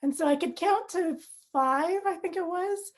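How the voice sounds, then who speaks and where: A woman interviewing an actor, friendly and quick to laugh. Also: extremely high pitch. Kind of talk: interview conversation.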